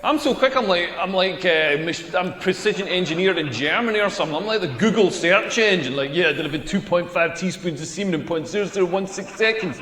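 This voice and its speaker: A man's voice: sits high, lively intonation, a little fast, few pauses, a bit bright. A young man with a Scottish accent playing a crude stand-up comedian who rambles through stories in a comedy routine. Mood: rambling. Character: crude young male comedian bombing on stage. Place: comedy stage in a hall. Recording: echoey hall.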